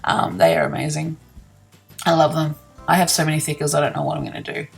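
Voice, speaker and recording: A woman's voice: low voice, steady tone, fast talker, vocal fry, husky, faint music behind. A woman casually narrating her scrapbooking process in a chatty, self-deprecating way, laughing often and yawning early in the morning. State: sleepy, yawning. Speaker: scrapbooking vlogger.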